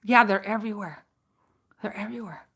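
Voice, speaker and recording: A woman retelling what a female land ranger told her, dropping to a lower, hushed, flat voice. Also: fairly quick, creaky, slightly rough. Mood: hushed, ominous. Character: female land ranger, matter-of-fact and warning.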